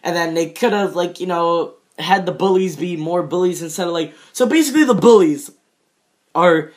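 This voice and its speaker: Young male reviewer, slightly high voice, rambling casual delivery with lots of fillers. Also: normal speed. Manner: rambling, many fillers and restarts, laughs at own jokes. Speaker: show reviewer.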